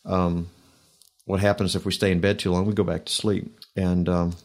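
A man hosting a faith talk show, speaking in a reflective, preacherly way with many pauses. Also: low voice, little pitch movement. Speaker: host.

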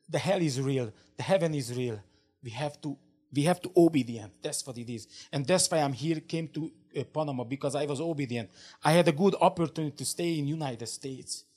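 A man's voice: a little high, a little mellow, husky. A man who learned English as a second language, telling a fervent faith testimony as an interview guest, in broken English full of restarts and repeated words. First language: not English.

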